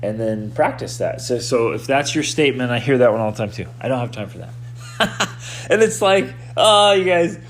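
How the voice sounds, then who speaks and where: A man hosting a podcast as a coach, giving a motivational talk in an animated way, often restarting and repeating words. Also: mid-range voice, normal speed, a little hiss or hum.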